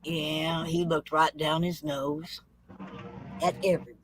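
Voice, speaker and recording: A woman's voice: deep voice, a little slow, slight background noise, poor audio. A woman telling comic tall tales in a folksy, drawling storytelling manner. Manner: drawling, rural, lively tall-tale delivery.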